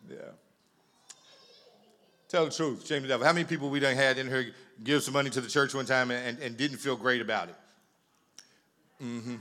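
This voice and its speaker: A man's voice: medium pitch, steady tone, moderate pace, pauses often, bright, forceful tone. A man preaching as pastor, chatty and teasing, often repeating words as he tells a funny story. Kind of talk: sermon with humorous storytelling.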